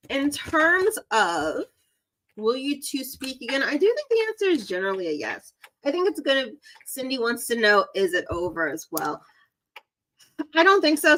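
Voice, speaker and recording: A woman's voice: medium pitch, fairly bright tone, poor audio. A young woman with a light Southern drawl, chatting and giggling as she gives tarot readings on a live stream. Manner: chatty, giggly, self-deprecating. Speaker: psychic reader.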